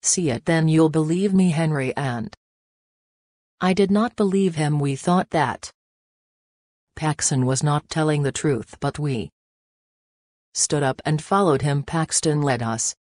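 A woman narrating a storybook in a slow, steady reading voice. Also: low-pitched, no room sound, clean studio sound.

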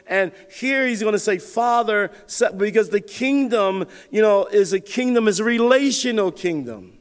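A man preaching a sermon as pastor, telling a personal story with big swings in pitch and loudness. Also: moderate pace, clean tone, long reverb tail.

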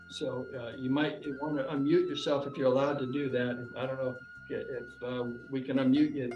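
A man's voice: medium pitch, normal speed, darkish tone, echoey room, soft background music, rough recording. A man instructing a virtual fitness class, upbeat and coaxing, laughing often as he guides. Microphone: video call.

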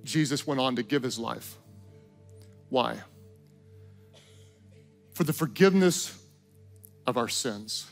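A man pastor preaching a sermon, swinging from loud emphatic lines to hushed, low passages. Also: animated, slow, creaky, long pauses, faint music behind.

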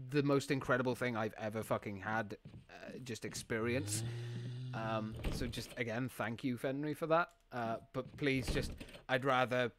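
A man's voice: mid-range voice, a bit bright. A man chatting while streaming a game, rambling, swearing and laughing often as he thanks viewers. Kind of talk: live gameplay stream chat.

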